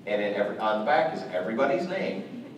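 A man's voice: on the low side, lively intonation, quick pace, far from the mic, lo-fi sound, slight background noise. A man on a convention comics panel, telling a long behind-the-scenes story. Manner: storytelling, explains at length. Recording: echoey hall, mic from afar.

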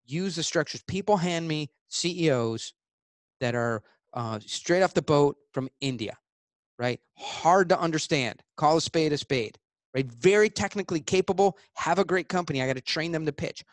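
A man being interviewed as a guest author, talking in a blunt, emphatic way and acting out both sides of sales pitches. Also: normal speed, dry recording, studio quality.

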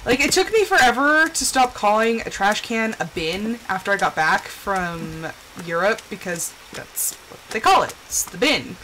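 A woman's voice: mid-range voice, expressive, normal speed, sharp tone, a little hiss or hum, rough recording. A woman from the Southwest, chatting casually while playing a game and talking to herself between fillers. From Southwestern United States. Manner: rambling, chatty, talks to herself, many fillers. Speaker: streamer. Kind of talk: casual gameplay chat.

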